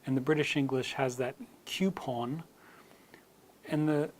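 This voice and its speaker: Slow, measured American pronunciation teacher. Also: medium pitch, steady tone. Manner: measured, spells out and models example words, softly whispering some. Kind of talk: slide-based lesson.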